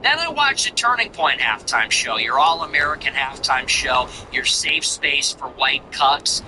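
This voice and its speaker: A man's voice: on the high side, lively intonation, measured pace, few pauses, background noise. A man hosting a commentary show, ranting contemptuously in repetitive, emphatic lists. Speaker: show host. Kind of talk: political commentary monologue.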